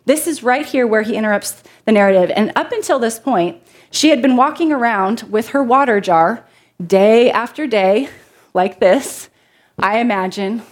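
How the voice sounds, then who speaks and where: A woman preaching a sermon to a congregation, reading scripture and talking in a conversational way that jokes with the listeners. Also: mid-range voice. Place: church before a congregation.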